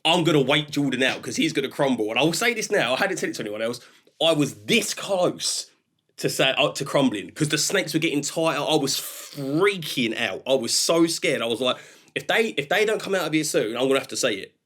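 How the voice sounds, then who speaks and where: A man in his thirties talks as a guest in a relaxed chat. His pitch swoops widely as he tells animated stories, laughing often and playing out his own reactions. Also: a little fast. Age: 30s. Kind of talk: casual chat.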